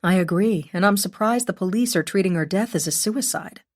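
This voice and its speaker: A woman's voice: mid-range voice, brisk, close to an everyday voice. A woman reading an audiobook and voicing an earnest young woman who asks polite, eager questions. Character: earnest young woman asking questions about a dead neighbor.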